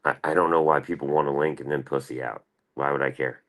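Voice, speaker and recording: A man's voice: very deep voice, fairly even intonation, quick pace, a bit bright. A man hosting a casual livestream, rambling and swearing as he answers chat. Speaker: livestream host.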